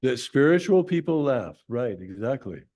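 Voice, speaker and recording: A man at a mid-range pitch gives a Sunday talk. He coaches the group through an exercise with plain, directive instructions and clears his throat often between phrases. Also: very animated, moderate pace, dark tone. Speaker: speaker leading a Sunday talk. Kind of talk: leading a group laughter exercise.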